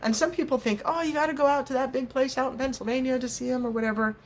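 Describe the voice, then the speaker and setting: A woman's voice: sits high, steady tone, fast talker, a little hiss or hum. Middle-aged woman, casual rambling vlogger, frequent laughs. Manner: chatty, laughs often, acts out little scenes. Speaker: crochet vlogger.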